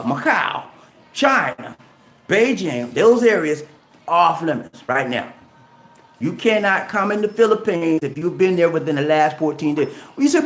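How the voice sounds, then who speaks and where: A man's voice: high voice, a bit bright. A man vlogging in a casual, preachy way who repeats "man" and "okay" and acts out little dialogues. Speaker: travel vlogger. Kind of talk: casual motivational talk to camera. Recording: echoey room.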